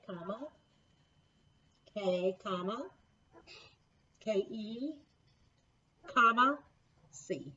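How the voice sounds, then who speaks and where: A woman's voice: medium pitch, sharp tone, lo-fi sound, slight background noise. A woman teaching a recorded phonics lesson to children, patient and encouraging, spelling out letter sounds one by one. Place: home classroom setup with a board.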